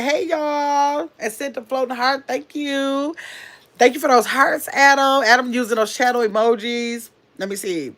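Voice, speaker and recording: A woman hosting a casual live stream, chatting quickly and reading viewer comments aloud as she answers them. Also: on the high side. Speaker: livestream host.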